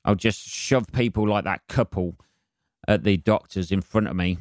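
A man hosts a solo podcast in a loose, rambling monologue. His voice sits low and comes across smooth and clean. He swears freely, trails off into fillers and stays sardonic throughout. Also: normal speed, no room sound, clean studio sound. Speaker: podcast host.

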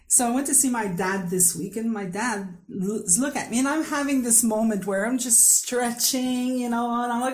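With a slightly high voice and a moderate pace, a podcast host talks with few pauses. She openly recounts a personal story in a candid, conversational interview, laughing often and storytelling animatedly.

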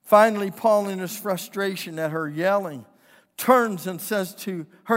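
High-voiced impassioned male preacher, hall echo. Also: measured pace. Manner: impassioned, builds to shouting. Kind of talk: sermon. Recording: long hall reverb.

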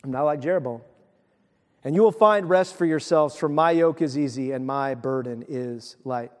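A male pastor preaching a sermon in an animated way, acting out the voices of biblical figures as he reads. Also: medium pitch, normal speed, in a large hall.

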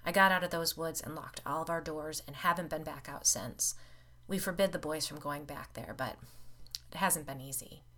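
A woman's voice: deep voice, moderate pace, sharp tone. A woman voicing a shaken, bitter middle-aged man in a storybook reading, with blunt, grim delivery.

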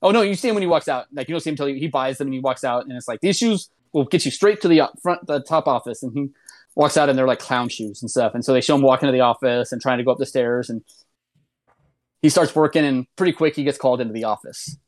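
A man's voice: medium pitch, fast, a little mellow. A man in casual conversation, retelling at length in a loose, rambling way with lots of filler words. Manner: rambling retelling, many "um"s and "like"s, restarts. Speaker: podcast co-host reviewing a comedy show. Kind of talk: casual chat.

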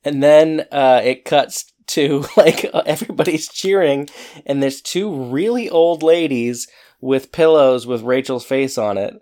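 A man co-hosting a casual chat, recapping a TV episode in a relaxed, rambling way. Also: on the high side, a little slow. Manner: relaxed, rambling, with fillers and restarts. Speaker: podcast co-host.

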